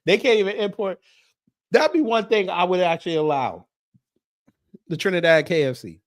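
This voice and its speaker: A man runs a casual commentary stream. He reads through a list and jokes with his audience as he talks. His voice sits a little higher than most men's. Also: animated, moderate pace. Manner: joking, talks straight to his viewers.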